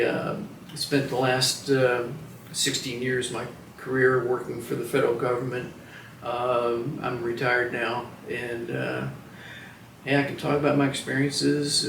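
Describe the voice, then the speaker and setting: A man's voice: mid-range voice, gravelly, fairly bright tone, slight background noise. A man in his seventies, a veteran giving an oral history interview, who speaks hesitantly and reflectively with many fillers and restarts. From Washington, DC, United States. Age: 70s. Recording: roomy sound from a distant mic.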